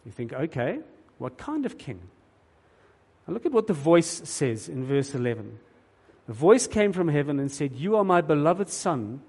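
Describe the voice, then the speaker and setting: Man, preacher, emphatic sermon delivery, slightly high voice, long hall echo. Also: very animated, moderate pace, warm tone, husky. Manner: earnest, emphatic preaching with repeated words.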